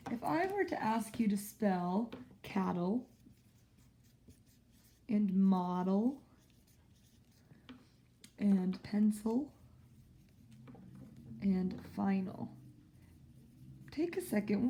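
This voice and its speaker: A woman's voice: medium pitch, takes it slowly, pauses often, warm tone, a little hiss or hum. A woman teaching a spelling lesson to a small group in a classroom, explaining patiently and stretching out example words. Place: classroom with whiteboard.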